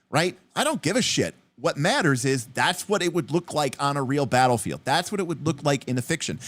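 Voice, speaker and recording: Male livestream host, animated and rambling with casual swearing, dry recording. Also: on the high side, no room sound. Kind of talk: livestream rules explanation.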